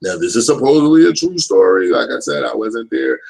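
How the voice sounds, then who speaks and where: A man's voice: mid-range voice, sing-song, fairly quick, creaky, a little mellow, slightly rough, low-quality recording. A man in his thirties hosting a live stream, rambling in a loose, profane style and often checking in with his listeners. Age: 30s. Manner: rambling, profane, keeps asking "you know what I'm saying". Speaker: livestream host. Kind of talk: casual live-stream monologue.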